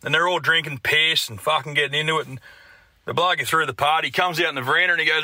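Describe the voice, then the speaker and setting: A man's voice: fairly high pitch, steady tone, fast talker, bright, forceful tone, no room sound. An Australian man leaving a voice message, telling a long crude joke with a build to the punchline.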